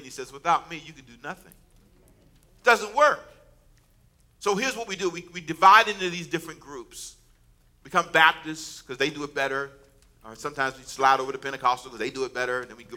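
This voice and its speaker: A pastor preaching a casual, storytelling sermon, joking and conversational with the congregation. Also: male voice, fairly high pitch. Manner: conversational, animated, self-mocking storyteller.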